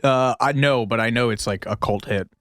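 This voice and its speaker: A man's voice: medium pitch, normal speed, fairly bright tone, dry recording. Chatty male podcast co-host, dry sound. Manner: chatty, joking asides, reads out facts. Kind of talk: casual podcast chat.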